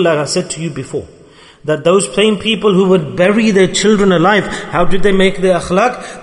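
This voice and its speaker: A man delivers a sermon, telling stories earnestly and drawing out key words as he repeats them. His voice sits on the high side for a man. Long reverb from the hall trails behind him. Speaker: preacher.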